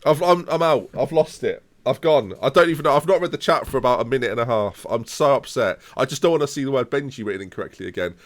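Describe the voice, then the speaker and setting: During a live gaming stream, a man in his late twenties stages a theatrical, mock-outraged rant, rambling and saying things over again. He talks quickly with few pauses, his medium-pitched voice full of lively intonation.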